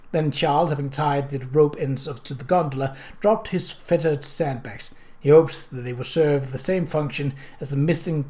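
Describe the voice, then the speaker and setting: A man narrating a mystery novel chapter as an audiobook reader, voicing the characters himself. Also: a little high. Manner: steady storytelling, puts on voices for characters.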